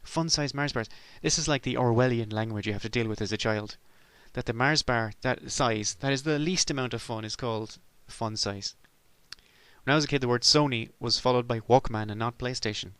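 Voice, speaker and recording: A man's voice: medium pitch, fairly quick, a bit bright, smooth, no room sound. A middle-aged man from Ireland delivering a sardonic, rambling comic monologue as a podcast host.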